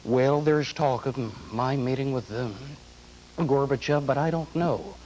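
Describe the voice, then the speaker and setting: A man's voice: medium pitch, unhurried, a little mellow, slight background noise, natural voice, rough recording. A man in his twenties doing an impression of an older male president, joking folksily at a mock press conference. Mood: deadpan. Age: 20s.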